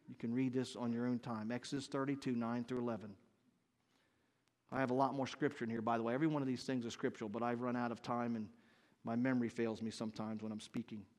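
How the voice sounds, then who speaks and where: A man in his fifties preaching a sermon as pastor, earnest and building to loud, emphatic bursts. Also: mid-range voice, flat delivery, fast. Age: 50s.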